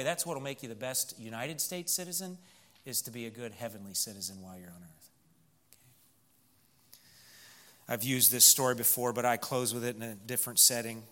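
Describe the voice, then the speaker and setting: A man with a Southern US accent preaching a sermon, earnest, moving from loud emphasis to hushed storytelling. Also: mid-range voice. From Missouri.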